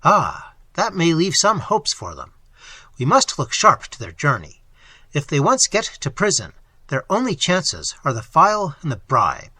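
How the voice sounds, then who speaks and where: A man voicing a commanding highwayman captain. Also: wildly swooping pitch, measured pace, pushed and bright, slightly rough, full character voice. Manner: clipped commands.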